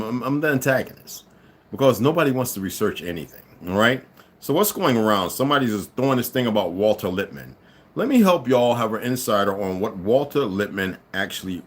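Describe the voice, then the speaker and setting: Man, live monologue, combative, animated pitch, mutters then loud outbursts. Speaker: livestream commentator.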